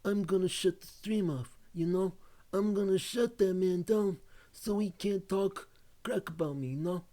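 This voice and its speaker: A man's voice: high-pitched, a little slow, dark tone, voice pushed up. A man doing a voice of a boastful male politician who talks in street slang, brash and swaggering.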